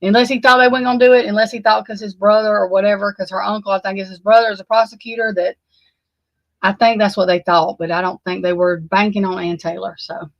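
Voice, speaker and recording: A woman's voice: mid-range voice, level tone, quick pace, gravelly, no room sound, highs cut off. Heated, profane woman with a dry sound. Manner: heated, profane, emphatic and repetitive. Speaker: true crime commentator. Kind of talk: unscripted live commentary.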